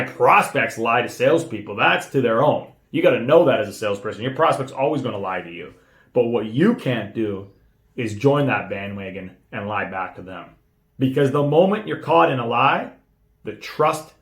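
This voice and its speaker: A young man, telling a personal story as a sales trainer, emphatic and swearing freely, dropping to a hush and then getting excited. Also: mid-range voice, reverberant. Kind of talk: motivational storytelling to camera.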